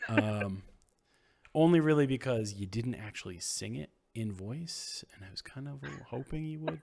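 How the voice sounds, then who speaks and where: A man running a tabletop game as game master, animated and laughing often while he rules on the players' rolls. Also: medium pitch, unhurried, creaky. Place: home streaming setup.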